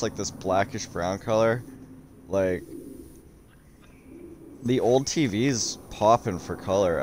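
A man's voice: sits low, a little mellow, slight background noise. A young man chatting casually while streaming poker from home, rambling and swearing with lots of fillers, on a headset mic. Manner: rambling, profane, many fillers. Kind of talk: casual livestream chat.

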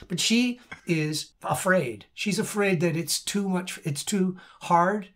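A man's voice: high-pitched, slow pace, hardly any pauses. A male guest musician telling a story casually and animatedly, often stopping and restarting mid-sentence as he explains a song and demonstrates it. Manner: animated storyteller who acts out other people's lines.

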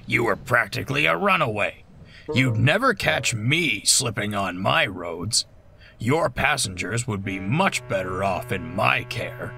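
A man's voice: fairly low pitch, animated, measured pace, creaky, pushed and bright, faint music behind, heavily acted. A man voicing a boastful, lying male bus that taunts others and stammers when caught, in a storybook reading. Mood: mocking.

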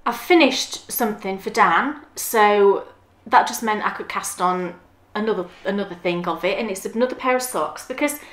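Woman, enthusiastic, giggly, mid pitch, echoey room. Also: normal speed, fairly bright tone. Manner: chatty, enthusiastic, laughs easily. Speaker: podcast co-host. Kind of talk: casual chat. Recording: roomy echo.

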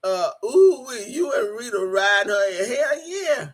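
A woman hosting a live stream, cursing and taunting loudly while reading chat comments aloud. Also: fairly high pitch, sing-song, a little slow, slightly rough. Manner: cursing, taunting, loud outbursts. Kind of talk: profane live-stream rant.

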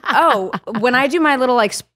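A woman from the Boston area with a faint Boston accent, a loud and animated guest in casual podcast chat. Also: sits high, a little fast, no room sound, clean studio sound. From Boston area, USA.

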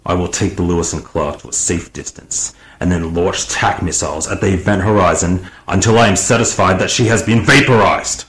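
A man's voice: sits low, a little fast, few pauses, a bit bright, low-quality recording. A man voicing a cold, angry starship captain in an audiobook, with clipped commanding lines.

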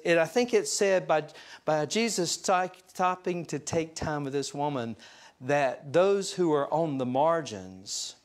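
Folksy man preaching a sermon. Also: a little high. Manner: folksy, joking asides to the congregation. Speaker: pastor. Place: church sanctuary.

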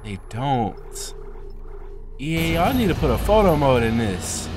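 Excitable male gamer over loud music. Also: mid-range voice, a little slow. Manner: excitable, yelps and curses when startled. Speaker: gaming streamer. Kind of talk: horror game let's play commentary.

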